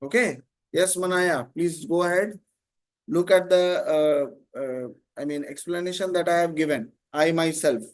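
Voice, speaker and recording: A man teaching an online grammar class, explaining slowly, repeating terms and often checking "Okay?". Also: a little high.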